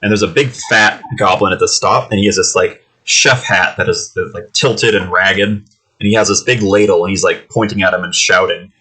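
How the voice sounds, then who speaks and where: A man's voice: low-pitched, steady tone, normal speed, sharp tone, breathy edge. A man narrating as game master of a tabletop game, loose and full of fillers.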